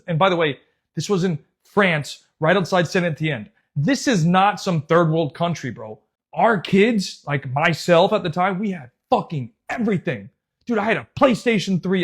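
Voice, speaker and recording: A man, a youth soccer coach, telling a story in a casual, animated way, swearing often and calling the listener bro and dude. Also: sits high. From United States.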